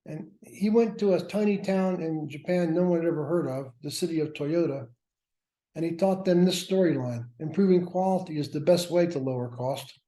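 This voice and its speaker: Guy running a workshop class, dry jokey asides, mellow voice, echoey room. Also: on the high side, moderate pace. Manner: wry, self-mocking asides. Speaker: workshop instructor. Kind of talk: workshop lecture. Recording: roomy echo.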